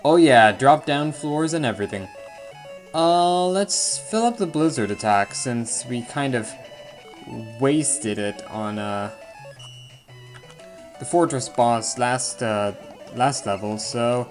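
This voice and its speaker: A man's voice: mid-range voice, lively intonation, slow pace. A man giving casual, rambling commentary over a video game he is playing, with self-deprecating jokes and frequent asides. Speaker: let's play commentator. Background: faint game music.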